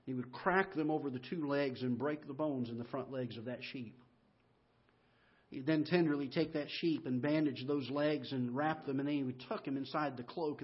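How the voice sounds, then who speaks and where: A middle-aged male pastor preaching a sermon in a church, telling folksy stories that swing from loud to hushed. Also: medium pitch, husky, dull audio. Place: church sanctuary.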